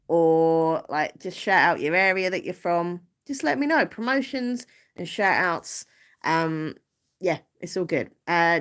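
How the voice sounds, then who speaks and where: A woman's voice: mid-range voice, a bit bright. A woman with an Essex accent hosting a casual live stream, chatty, giggly and self-deprecating. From Southend-on-Sea, Essex, England.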